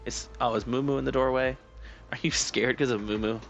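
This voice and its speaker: A man's voice: medium pitch, fairly even intonation, a little fast, gravelly, fairly bright tone, muffled recording, faint music behind. A young man streaming a video game, chatting casually and joking with his cat. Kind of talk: casual live-stream chat.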